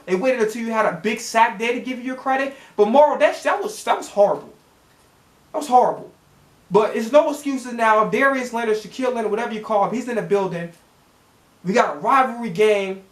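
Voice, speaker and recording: A man's voice: high voice, a bit bright, echoey room. Man ranting heatedly about football. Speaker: sports reaction channel host. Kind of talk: profane fan rant.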